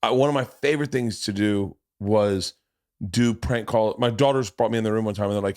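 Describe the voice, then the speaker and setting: A man's voice: on the low side, brisk, a little mellow. A man hosting a podcast, a father who tells rambling anecdotes and laughs often. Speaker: podcast host. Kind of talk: casual chat.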